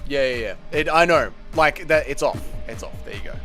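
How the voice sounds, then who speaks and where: A man's voice: medium pitch, expressive, normal speed, fairly bright tone. An Australian man hosting a casual livestream, chatty and swearing, greeting viewers by name. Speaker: livestream host. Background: faint music playing.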